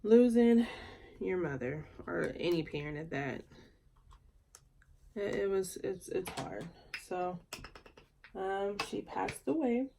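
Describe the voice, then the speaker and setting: Woman, 30s, vlogger; slow, lowish, halting and grieving, faint hiss in the room. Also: creaky. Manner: soft-spoken, halting, grieving. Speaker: beauty vlogger. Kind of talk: casual get-ready-with-me chat.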